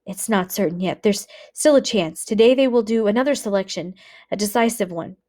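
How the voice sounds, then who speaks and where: A woman's voice: mid-range voice, brisk, darkish tone, lightly acted. A woman reading aloud voices an exhausted older father urgently pressing gifts on his son. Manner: urgent, insistent.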